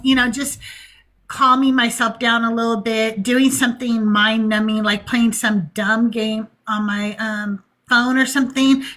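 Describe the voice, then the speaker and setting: A middle-aged woman hosting a casual podcast, asking questions and telling stories animatedly with acted-out quotes. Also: fairly high pitch. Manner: animated, acts out quoted voices. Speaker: podcast host. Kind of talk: casual conversation.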